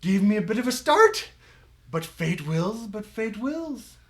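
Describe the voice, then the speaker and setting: A man's voice: high-pitched, sing-song, measured pace, fairly bright tone, pitched above the performer's own voice, full character voice. A man voicing an ancient, crazy-eyed, scowling old woman who rules a fort, in a sing-song, cackling manner. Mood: eerie. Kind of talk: game master voicing a character.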